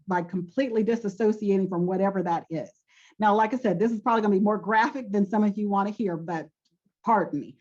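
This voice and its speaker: A woman's voice: mid-range voice, lo-fi sound. A woman, a guest expert on marriage, giving frank, chatty answers and laughing often. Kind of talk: candid interview answer.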